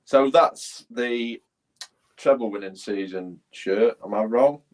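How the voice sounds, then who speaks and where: A man's voice: mid-range voice, slow pace. A man joining a casual live-stream chat as a guest over a video call. He is easygoing and laughs along.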